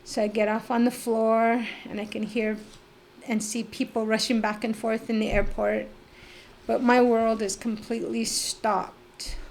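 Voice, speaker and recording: A woman's voice: fairly high pitch, level tone, unhurried, a little mellow, slight background noise. A middle-aged woman telling her own life story as a podcast guest, candid and emotional, with lots of "like" fillers and a blunt swear now and then. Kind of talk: personal storytelling.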